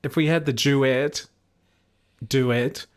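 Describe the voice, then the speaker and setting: A man co-hosting a casual podcast chat, animated and playful, often trailing off mid-sentence. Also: medium pitch, takes it slowly, clean tone. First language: not American English. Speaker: podcast co-host.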